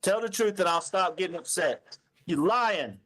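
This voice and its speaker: A man's voice: high-pitched, animated, normal speed, a bit bright. A middle-aged man on a phone call, angrily accusing a woman of lying, repeating himself and swearing. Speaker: father of the missing boy. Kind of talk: heated phone confrontation.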